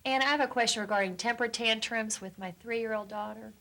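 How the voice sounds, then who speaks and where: A woman's voice: fairly high pitch, a little fast, bright, forceful tone. A woman, the mother of a three-year-old, describing her daughter's tantrums in a chatty, slightly self-deprecating way. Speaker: caller asking for advice.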